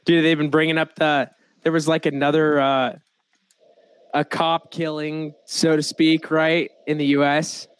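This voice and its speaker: A man's voice: fairly high pitch, little pitch movement, a little slow, smooth, no echo. A young American man hosting a casual podcast, joking around and laughing often. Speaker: podcast host.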